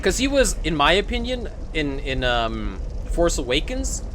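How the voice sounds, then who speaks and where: A young adult streamer ranting casually while playing a video game, swearing freely and breaking into loud bursts of laughter. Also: medium pitch, sing-song, measured pace, background noise. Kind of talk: casual rant while gaming.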